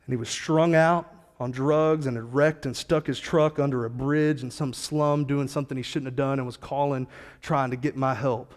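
A man's voice: mid-range voice, fairly even intonation, normal speed, long reverb tail. A man preaching a sermon as a pastor, telling a story in a casual, slangy, conversational way.

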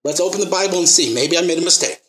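A man's voice: a little high, very fast, a bit bright, echoey room, a little hiss or hum, rough recording. A man preaching a sermon, telling stories and acting out the quotes, then pressing the listeners with emphatic rising questions.

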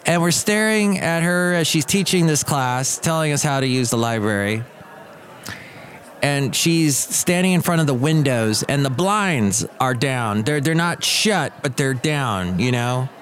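A man's voice: medium pitch, expressive, unhurried, a bit bright, a little hiss or hum. Rambling middle-aged man telling stories. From Southern California. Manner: rambling, digressive storytelling with asides. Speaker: podcast host. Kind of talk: casual monologue.

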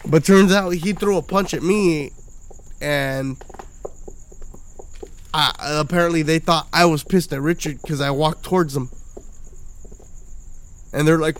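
A tipsy man rambles through a crude story with a fairly high voice, swearing freely and acting out quoted lines. It sounds like casual late-night podcast chat. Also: unhurried, long pauses. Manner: profane, rambling, acts out quoted dialogue. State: drunk.

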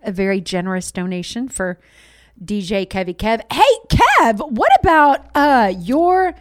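A woman's voice: medium pitch, lively intonation, measured pace. A woman hosting a podcast, chatting casually in a bubbly, gushing manner and reading a sponsor thanks. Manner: bubbly, laughing, gushing praise. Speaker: podcast host. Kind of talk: casual chat.

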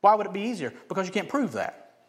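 A man preaching a sermon as pastor, animated and often asking the congregation questions. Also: high voice, fast talker. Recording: echoey hall.

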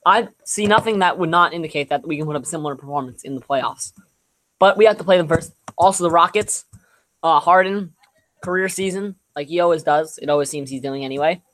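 A young man co-hosting a sports podcast, chatting casually. He talks in a relaxed, rambling way, with plenty of fillers and restarts. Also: a little high, a little fast. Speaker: podcast co-host.

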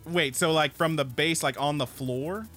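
A man's voice: fairly high pitch, a little slow, a bit bright, faint music behind. A man co-hosting a podcast, telling a long story in a casual, profane way and acting out other people's lines. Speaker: podcast co-host.

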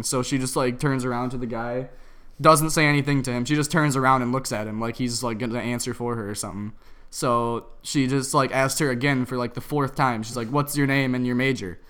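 A man's voice: mid-range voice, fairly bright tone, smooth. A young man in his twenties, a podcast co-host, telling a rambling story in casual, slang-heavy chat.

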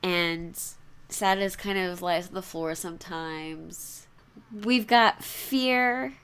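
Quick, laughing young woman host. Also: fairly low pitch, a bit bright, clear, resonant tone. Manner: quick, laughing, leads the discussion. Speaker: podcast co-host. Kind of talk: casual chat.

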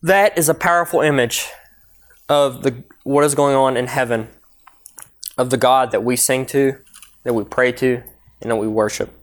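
A man's voice: mid-range voice, fairly even intonation, normal speed, pauses often. A young adult man preaching a sermon, reading scripture aloud in an earnest, emphatic way.

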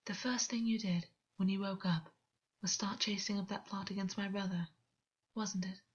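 A woman voicing a stern, worried male fey king in a whispered role-play, hushed and scolding. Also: mid-range voice, fairly even intonation, unhurried, slightly rough, highs cut off.

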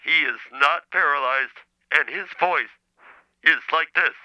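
A robotic speech-synthesizer voice playing an indignant male caller, flat and clipped. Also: a little high, unhurried, lo-fi sound. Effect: computer speech synthesizer.

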